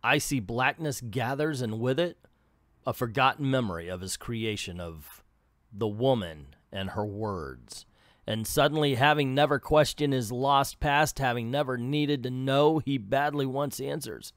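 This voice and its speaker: A man's voice: mid-range voice, measured pace, dry recording. A man hosting a casual comic book recap with offhand, wry commentary. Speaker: comics video host.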